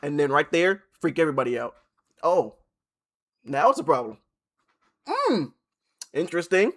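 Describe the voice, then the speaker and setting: A young man streaming and reacting to online posts. He swings from loud outbursts to low mutters and restarts his sentences often. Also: animated, normal speed. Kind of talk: live-stream reaction commentary.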